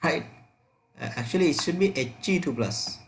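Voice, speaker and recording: A man's voice: fairly high pitch, expressive, normal speed, slight background noise. A man teaching an online chemistry revision class, repeating key points and checking students' answers aloud.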